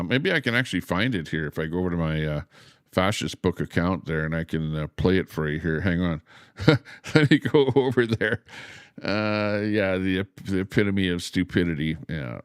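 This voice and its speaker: A man's voice: deep voice, a bit bright, smooth, no echo, clean studio sound. A man hosting a casual livestream, rambling with lots of "uh" fillers and greeting chatters by name. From Canada. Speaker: livestream host.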